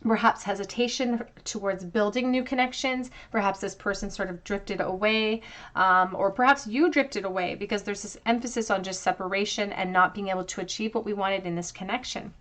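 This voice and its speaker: A woman's voice: mid-range voice, brisk, fairly bright tone. A woman giving a pick-a-card tarot reading to her viewers, earnest and reflective, drawing out key phrases for emphasis. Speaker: tarot reader.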